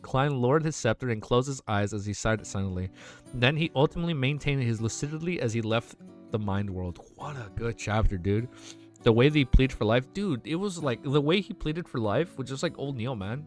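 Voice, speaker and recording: A man's voice: medium pitch, lively intonation, a little fast, soft background music. A man hosting his channel, reading a web novel aloud and breaking off to react with swearing and emotional outbursts, stumbling over lines. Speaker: channel host.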